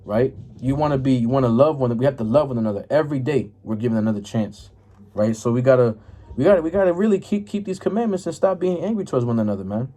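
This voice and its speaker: A man's voice: medium pitch, expressive, fast talker, warm tone. A man giving an informal scripture lesson, reading verses and explaining them in a casual, repetitive way, often checking in with "right?" and "man". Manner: casual, repeats "right?" and "man", stumbles while finding verses. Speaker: religious teacher.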